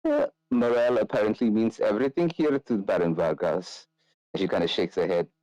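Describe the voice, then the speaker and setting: A man's voice: on the low side, lively intonation, brisk, mellow, dry recording, dull audio. A man narrating as game master, hesitating often with fillers and restarts.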